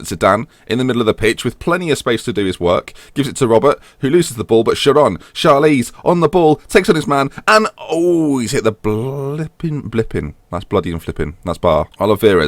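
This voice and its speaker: A young man commentating while playing a football manager game, swinging from muttered grumbles to yelling when a goal goes in. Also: lowish voice, no echo. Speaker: gaming YouTuber.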